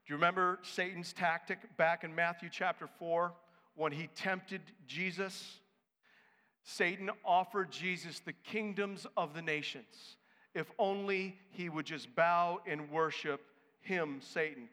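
A man's voice: a little high, steady tone, measured pace, sharp tone. A male pastor preaching a sermon in an emphatic, conversational way. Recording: echoey hall.

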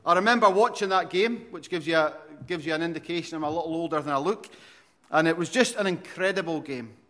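Preaching to his congregation, this forties-aged pastor from Aberdeen, Scotland speaks with an Aberdonian accent in a voice a little high for a man. His sermon is fast and earnest, with phrases often restarted and volume rising as he tells a story.

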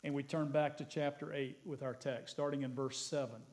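A man, a pastor, preaching a sermon, reading scripture aloud with rising emphasis and praying in a softer voice. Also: fairly even intonation, fairly quick. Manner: prays in a soft, lowered voice.

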